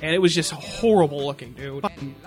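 A young man ranting in a casual comedic way, swearing a lot and acting out shouted impressions. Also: on the high side, a little fast, faint music behind. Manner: profane, animated, yells impressions of people.

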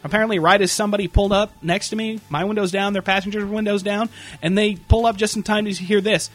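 A young man ranting in a casual comedic way, swearing a lot and acting out shouted impressions. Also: sits high, fast, faint music behind. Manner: profane, animated, yells impressions of people.

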